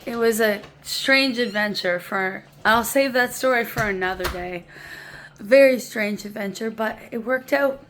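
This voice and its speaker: A woman's voice: on the high side, unhurried, a bit bright, slight background noise. A woman vlogging from her home kitchen while baking, chatty and playful, laughing often. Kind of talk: casual kitchen vlog.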